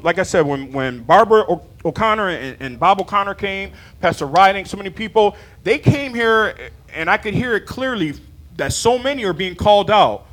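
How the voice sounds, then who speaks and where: A man delivering a sermon, his voice sitting high and swinging widely. He is animated and playful, breaking into laughter and acting out little dialogues with God. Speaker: church member preaching.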